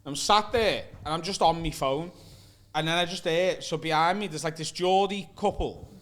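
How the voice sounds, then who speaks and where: A man's voice: fairly high pitch, moderate pace, a bit bright. Sweary Liverpool man telling a story. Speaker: comedian guest. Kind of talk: casual storytelling chat. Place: indoor green room.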